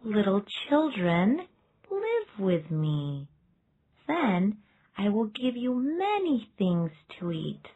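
Guy doing a shrill old witch hag, way up high, swoopy and greedy, tinny sound. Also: huge pitch swings, drawn-out words, a little mellow, heavily acted. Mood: coaxing. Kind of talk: storybook reading.

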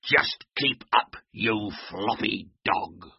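A man voicing a pack of gruff male husky sled dogs in a children's story. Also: fairly low pitch, slow pace, no room sound, heavily acted. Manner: gruff, then panting. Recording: dull, muffled recording.

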